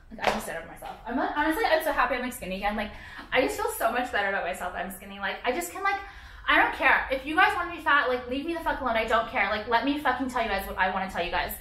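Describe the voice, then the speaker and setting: A woman's voice: fairly high pitch, sing-song, racing, bright, forceful tone, a little hiss or hum. A young woman talking straight to camera in a casual vlog rant, swearing often and saying "like" constantly. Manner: profane, filler-heavy, sarcastic. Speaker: vlogger. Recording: echoey room.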